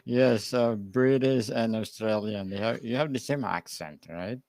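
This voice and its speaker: A man hosting a podcast interview, asking questions in halting, non-native English. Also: mid-range voice, a little mellow, dry recording. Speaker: podcast host.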